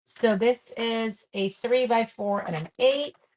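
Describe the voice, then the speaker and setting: A woman's voice: fairly high pitch, takes it slowly, a little mellow. A woman hosting a casual live-stream card-making demo, chatty and self-deprecating, thinking aloud as she works and talking to her viewers. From Canada.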